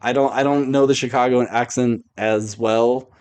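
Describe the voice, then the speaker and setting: A man's voice: medium pitch, fairly even intonation, normal speed, a little mellow, smooth. A man hosts a casual podcast and reviews movies bluntly. He rambles and restarts his sentences often. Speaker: podcast host.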